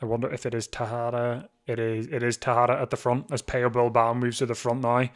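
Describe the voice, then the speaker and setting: A man's voice: medium pitch, flat delivery. A man hosting a live watch-along of a bike race, chatting casually with frequent restarts, sleepy and yawning. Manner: chatty, thinks aloud with restarts, quick to laugh. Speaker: live stream host.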